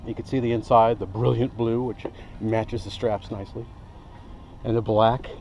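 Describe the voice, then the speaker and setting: In a casual outdoor vlog, a gear reviewer shows off his hammock setup among the trees, talking enthusiastically and rambling, often cutting himself off mid-sentence. His voice is lowish and darkish, with fairly even intonation and a normal speed. The recording is rough, with slight background noise.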